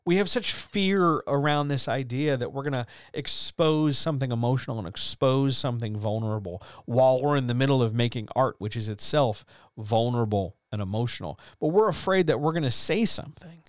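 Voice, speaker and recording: A man's voice: medium pitch, fairly quick, few pauses, smooth, no echo. Earnest man urging writers on, dry sound. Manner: earnest, swearing, repeats phrases, swings from loud to quiet. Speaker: host of a writers chat. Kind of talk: impassioned motivational monologue.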